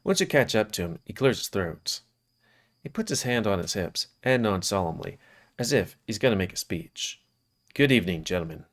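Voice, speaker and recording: A man reading a visual novel aloud in a casual, brisk way, voicing the narration himself. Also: fairly low pitch, sing-song, a bit bright. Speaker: game reader.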